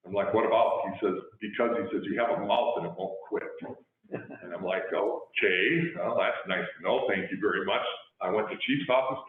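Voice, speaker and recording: A man's voice: fairly low pitch, animated, fairly quick. A middle-aged man, a police chief, giving a talk in a conversational storytelling style and acting out the dialogue in his anecdotes. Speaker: guest speaker, police chief. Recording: tinny phone-like line with heavy echo.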